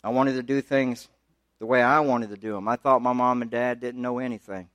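Preaching pastor, plain dry sound. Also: male voice, fairly even intonation, fairly quick, a bit bright, no room sound. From United States. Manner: conversational preaching, rising in pitch when pressing a point. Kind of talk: sermon.

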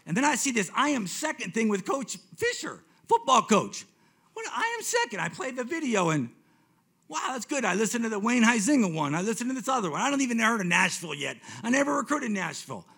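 A man in his fifties telling his personal faith testimony to a congregation, swinging between hushed reflection and excited retelling, often repeating himself. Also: sits high, fast, hardly any pauses, slightly rough. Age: 50s. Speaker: speaker giving a testimony.

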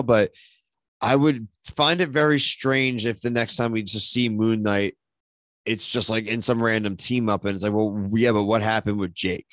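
Excitable man rambling in dry sound. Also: lowish voice, no room sound. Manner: excitable, rambling, many "like" fillers. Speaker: podcast host. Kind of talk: casual pop-culture podcast chat.

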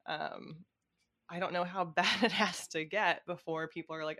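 A woman's voice: lowish voice, fairly even intonation, moderate pace, pushed and bright. A woman talking politics in a casual chat, swearing freely and laughing often.

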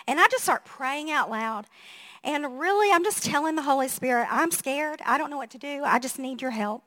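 High-voiced woman pastor telling lively stories. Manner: animated and chatty, laughing often and acting out quotes. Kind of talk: storytelling sermon.

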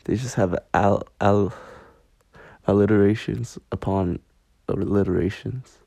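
Young male podcast host, goofy rambler, slow gravelly delivery, dark dry sound. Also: lowish voice, steady tone, dry recording. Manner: goofy, rambling, self-mocking. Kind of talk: rambling solo podcast chat. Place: bedroom, on a squeaky bed.

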